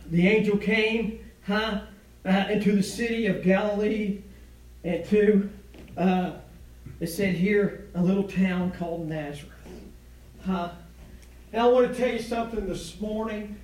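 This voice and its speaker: A man preaching a sermon in a chanting cadence, tagging lines with "huh?" and swinging from low murmurs to shouted peaks. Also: a little slow, pauses often. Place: church. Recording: echoey room from far off.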